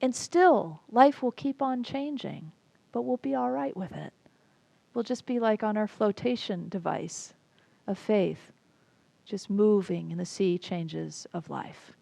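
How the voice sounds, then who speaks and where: A woman pastor delivers a reflective, inviting sermon at an unhurried pace. Her mid-range voice carries a gravelly fry, and it is recorded close and dry with almost no room sound. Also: mid-range voice, mellow, no room sound.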